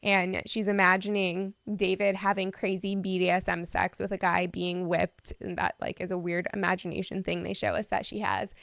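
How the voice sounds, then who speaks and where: Young woman podcast host, gravelly fry, animated casual recapper, dry close sound. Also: lowish voice, normal speed, few pauses, dry recording. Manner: animated, laughs often, swears casually. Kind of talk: casual chat, retelling scenes.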